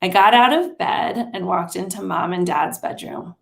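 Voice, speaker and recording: A woman teacher reads a children's novel aloud in a calm, measured voice with a light gravelly texture. The recording sounds roomy, with a noticeable echo around her. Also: lowish voice.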